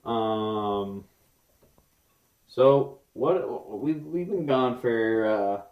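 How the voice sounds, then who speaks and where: A man's voice: fairly low pitch, highs cut off. Rambling young man in an echoey room. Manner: rambling, restarts often, quick bursts then slow. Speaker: podcast co-host. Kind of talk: casual chat. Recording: roomy echo.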